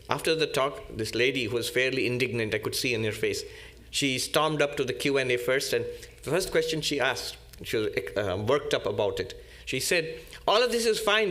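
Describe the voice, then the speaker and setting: A man, a monk, giving a spiritual lecture in a deliberate, teacherly way, repeating key terms. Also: mid-range voice, a bit bright.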